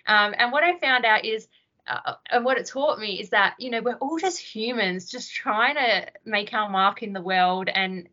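A woman's voice: medium pitch, bright, forceful tone, dull audio. A woman, a podcast guest, reflectively telling stories from her military service. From Australia. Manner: reflective storytelling. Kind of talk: podcast interview.

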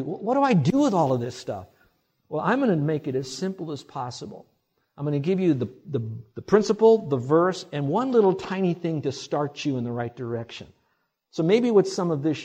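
A middle-aged male pastor preaching a sermon, swinging from loud emphasis to hushed asides. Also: medium pitch, slightly rough.

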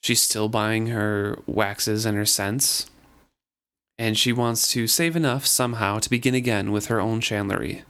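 A man co-hosting a book discussion podcast, summarizing and reading passages in a relaxed conversational way. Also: fairly low pitch, unhurried, clear, resonant tone. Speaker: podcast co-host.

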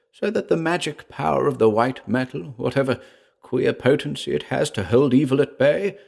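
Old male caretaker of a crypt, read by a man, gravelly, old-fashioned speech, grave and urgent, storybook reading. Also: a little high, pitched above the performer's own voice.

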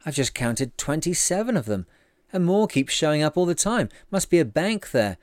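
A man voicing an excited young male sailor who exclaims eagerly, higher than his narrating voice. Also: moderate pace, no echo, studio quality. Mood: puzzled.

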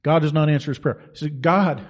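A man's voice: a little high, flat delivery, fast talker, darkish tone. A man preaching a sermon in an emphatic, colloquial storytelling manner.

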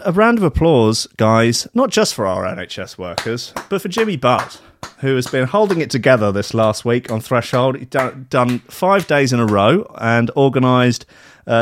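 A man's voice: medium pitch, dry recording. A man hosting a casual drinking chat show, rambling and swearing with a self-mocking tone and frequent restarts.

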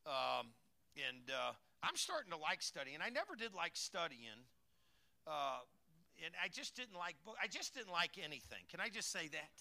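Older male pastor, high bright voice, folksy joking preacher, sermon in a church. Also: big pitch swings, moderate pace, vocal fry. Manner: folksy, joking, calls to congregation. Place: church sanctuary.

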